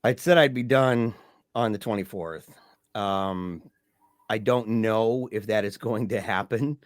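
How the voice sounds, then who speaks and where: A middle-aged man, appearing as a guest on a podcast, tells a personal story haltingly and conversationally, restarting sentences and laughing softly. His pitch is on the low side, and the studio-quality recording has no echo.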